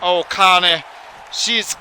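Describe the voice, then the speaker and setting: A man giving excitable, folksy, rambling play-by-play commentary on a wrestling video game. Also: high voice, slow pace, slight background noise, rough recording.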